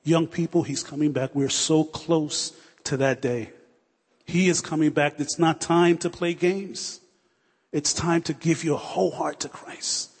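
Fervent husky preacher in a reverberant hall. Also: male voice, fairly high pitch, steady tone, unhurried. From United States. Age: 40s. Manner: fervent, repetitive, building to prayer. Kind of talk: sermon. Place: church hall.

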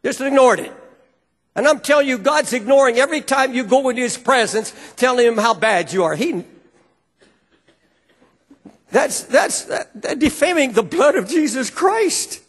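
High-voiced man preaching fervently in reverberant hall. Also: animated, moderate pace, pauses often, fairly bright tone, slightly rough. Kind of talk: sermon.

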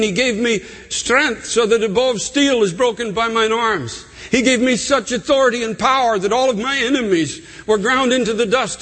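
A male preacher giving an impassioned sermon, his voice rising to shouts as he prays. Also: very high voice. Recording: long reverb of a hall.

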